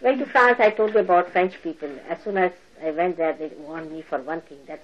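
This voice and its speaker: An older woman giving a spiritual talk to followers, animated and laughing, mimicking people as she speaks. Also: mid-range voice, a little fast, highs cut off, slight background noise. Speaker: spiritual teacher. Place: lecture hall.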